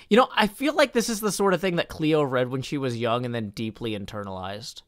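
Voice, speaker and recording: A man's voice: medium pitch, animated, fairly quick, few pauses. A man reading poetry aloud and chatting on his live stream, with careful stress on the words and frequent hesitant fillers.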